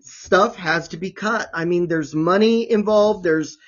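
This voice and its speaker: A man's voice: sits high, measured pace, highs cut off. A man hosting a casual chat show, talking with gushing enthusiasm. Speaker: host.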